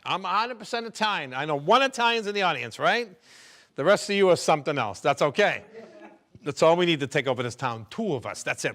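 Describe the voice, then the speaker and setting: A man's voice: a little high, fairly bright tone. A middle-aged man doing a stand-up set, chatty and teasing the audience. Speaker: stand-up comedian. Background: audience laughter.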